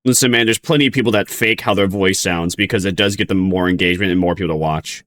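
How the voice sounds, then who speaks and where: A man with a low voice talks loosely over a video he is watching, rambling and restarting his thoughts. He laughs a lot and breaks into mocking, high, sing-song jabs. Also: fast, hardly any pauses, a bit bright. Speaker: streamer reacting to a video. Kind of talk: casual reaction commentary.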